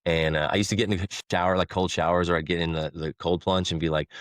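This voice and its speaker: Male podcast guest, deep voice, dry sound, loose rambling chat with laughs. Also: flat delivery, fast, hardly any pauses, dry recording. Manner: rambling, self-correcting, laughs between thoughts. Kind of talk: casual conversation.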